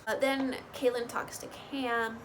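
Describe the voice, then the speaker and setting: A woman's voice: a little high, a little slow, a little hiss or hum, rough recording. Chatty woman recapping a reality show. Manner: chatty, full of "like" and "you know", quotes people in lively bursts. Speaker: recap host. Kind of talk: casual TV recap.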